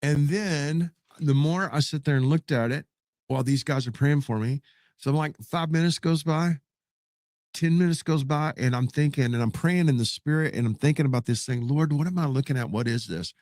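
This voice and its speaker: A man in his fifties, a pastor, telling a personal story in an animated, dramatic way and often dropping in "man". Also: a little high, normal speed, dry recording, studio quality.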